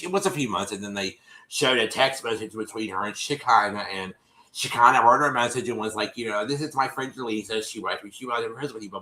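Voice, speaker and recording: A man's voice: on the low side, sharp tone, roomy sound, poor audio. A man hosting a live stream, casually recapping a show in a rambling way, with many restarts and fillers. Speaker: host.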